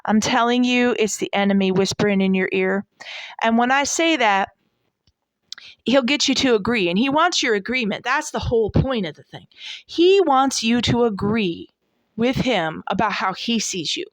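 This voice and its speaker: A woman's voice: a little high, expressive, moderate pace, dry recording, studio quality. A woman in her forties giving a devotional talk in an emphatic, folksy way, repeating her points for stress. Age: 40s. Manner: emphatic, repetitive, folksy preaching. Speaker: devotional podcast host.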